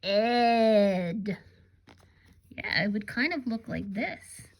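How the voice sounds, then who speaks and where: A woman who is a kindergarten teacher, giving a recorded remote classroom lesson in an animated way, drawing words out and breaking into sudden high exclamations. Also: moderate pace, creaky, husky.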